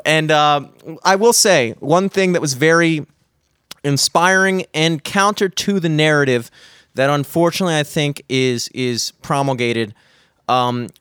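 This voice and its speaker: A young man in casual chat, telling a profane, animated story and mimicking the people in it. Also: on the high side, clean tone, no room sound, studio quality.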